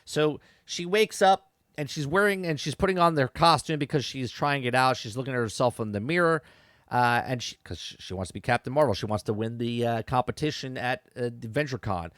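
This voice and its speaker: A man's voice: mid-range voice, fairly quick, a bit bright, dry recording. Chatty man recapping a show, dry sound. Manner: chatty, repeats words and restarts, frequent "okay?" and "right?" asides. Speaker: podcast host reviewing a TV episode. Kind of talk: casual recap and commentary.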